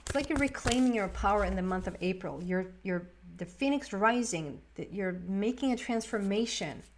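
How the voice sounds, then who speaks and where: A woman's voice: mid-range voice, lively intonation, moderate pace, background noise. A woman giving a casual, rambling tarot reading to camera, often restarting her words. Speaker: tarot reader.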